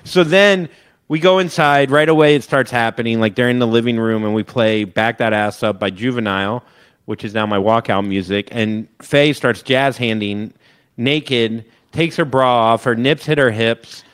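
A man co-hosting a podcast, telling a long story and acting out loud shouted quotes. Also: mid-range voice, normal speed, clean tone. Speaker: podcast co-host. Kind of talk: casual chat.

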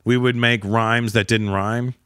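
A man hosting a podcast, telling stories in a casual, animated way and acting out the people in them. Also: mid-range voice, a little slow. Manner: animated, acts out voices in stories. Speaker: podcast host. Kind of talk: casual comedic storytelling.

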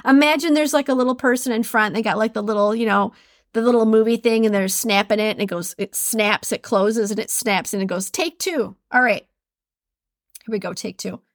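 A woman hosting a solo podcast, reading quotes aloud and chatting casually, laughing at her own slips in an animated way. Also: on the high side, fairly quick, no room sound, studio quality. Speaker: podcast host.

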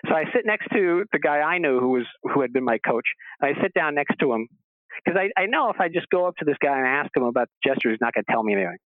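A man's voice: fairly high pitch, animated, fast, no room sound. A man telling a long rambling story as a guest on a radio show, stammering through restarts and acting out the people he quotes. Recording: dry phone-line sound.

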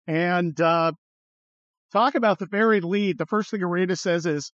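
A man's voice: sits high, normal speed, a bit bright, no echo, dull audio. A man hosting a podcast in casual political chat, rambling with many fillers and blunt, profane remarks. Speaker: podcast host.

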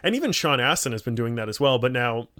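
Podcast dude chatting loose, tons of "like"s, mid-pitched voice. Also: male voice, very animated, fast talker, fairly bright tone. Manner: rambling, full of "like" fillers, reads out panel blurbs. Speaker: podcast co-host. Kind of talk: casual chat.

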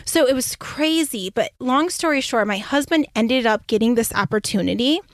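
A young woman career coach telling a story in a chatty, excitable way, full of "like". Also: a little high, normal speed, dry recording, clean studio sound. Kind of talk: casual storytelling monologue.

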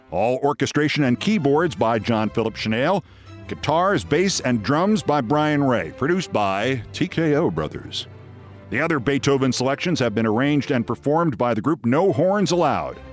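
A man hosting a podcast, reading a short story aloud in a lively storytelling manner. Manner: lively storytelling, jumps high for quoted shouts. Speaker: podcast host.

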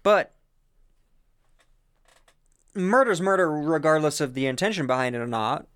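A man with a slightly raised, smooth voice gives blunt, profane opinions in casual chat. The sound is dry and close. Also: on the high side, animated, a little slow, a bit bright, dry recording. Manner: blunt, swears, reacts with short quips. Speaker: podcast co-host.

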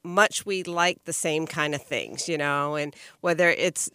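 A woman co-hosting a podcast, chatting affectionately and warmly. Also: deep voice, unhurried, clear, resonant tone, no room sound, clean studio sound. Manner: warm, affectionate, many awws and laughs. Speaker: podcast co-host. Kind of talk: casual podcast chat.

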